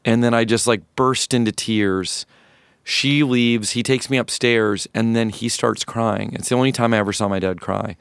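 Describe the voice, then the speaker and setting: A man in his fifties from rural North Florida, a musician guest telling a personal story in an interview, reflective and halting with many restarts. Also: mid-range voice, steady tone, creaky, smooth, no room sound, studio quality. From rural North Florida, USA.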